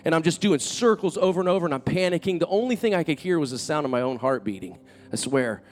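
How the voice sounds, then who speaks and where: A man preaching a sermon, telling a personal story in an earnest, animated way that builds in intensity. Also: a little high, quick pace. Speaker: pastor.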